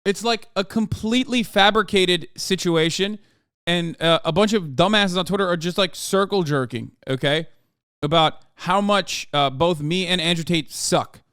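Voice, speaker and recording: An exasperated man rants on a livestream, cursing and stressing each point with a demanding "okay?". His voice sits high and comes through smooth and clear. The sound is close and dry, with no room around it. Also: normal speed, fairly bright tone, dry recording. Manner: exasperated, profane, emphatic, repeats "okay?". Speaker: streamer reacting to posts. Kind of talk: casual livestream rant.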